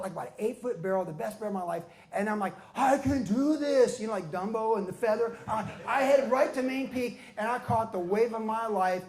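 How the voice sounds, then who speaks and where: An older man, a pastor and former pro surfer, telling his life story to an audience as an animated storyteller who acts out quotes. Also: high voice, echoey room. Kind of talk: storytelling talk at a book event. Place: surfing museum event hall.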